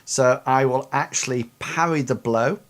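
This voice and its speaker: A man's voice: mid-range voice, measured pace. A man narrating as game master of a tabletop role-playing game, explaining rules and describing combat with many hesitant fillers.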